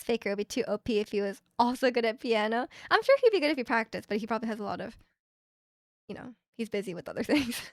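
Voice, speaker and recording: A woman's voice: a little high, dry recording. Chatty young woman streamer, dry sound. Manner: chatty, rambling retelling with fillers and laughs. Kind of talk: casual chat with stream chat.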